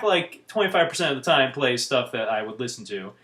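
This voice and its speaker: A man's voice: medium pitch, very animated, fairly quick, hardly any pauses, fairly bright tone, echoey room. A man vlogging to camera in casual, rambling chat, with wry asides as he talks.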